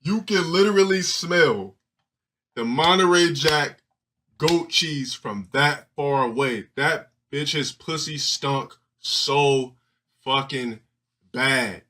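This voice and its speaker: Bright-voiced man telling crude stories. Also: fairly high pitch, takes it slowly. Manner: crude, rambling, full of swearing and restarts. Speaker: streamer. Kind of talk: casual profane storytelling to a live audience.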